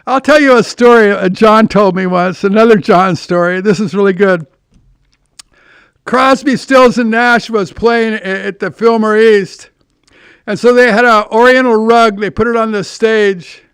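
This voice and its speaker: An older man hosts his own podcast, spinning loose, rambling stories full of restarts and the odd curse. His voice sits high and comes across smooth and clear. The recording is dry and close, with no room sound. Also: unhurried, fairly bright tone, dry recording. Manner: rambling anecdotes with restarts and profanity. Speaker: podcast host. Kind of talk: casual storytelling monologue.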